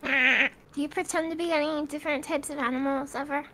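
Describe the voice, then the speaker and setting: A woman's voice: sits high, fairly even intonation, a little fast, sharp tone, slight background noise. A young woman bantering playfully and giggling a lot while playing a co-op horror game at her computer. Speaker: co-op horror gaming streamer. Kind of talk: casual gaming banter.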